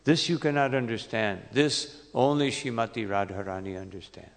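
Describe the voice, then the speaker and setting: A man's voice: on the low side, moderate pace, long reverb tail, lightly acted. A man speaking as an earnest devoted queen.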